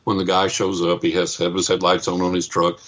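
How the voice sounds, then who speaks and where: A middle-aged man with a fairly low voice tells a long story as a guest on a radio interview. He is animated and acts out the voices of the people in the story as he goes. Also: fast, highs cut off. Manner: animated storyteller acting out other people's lines. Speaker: psychic and paranormal investigator, guest.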